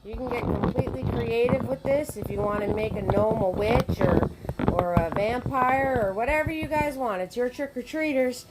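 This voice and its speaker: A Washington state woman runs an online paint party, greeting and chatting with viewers in a sing-song way. Her voice sits on the high side at a moderate pace, with a noisy background.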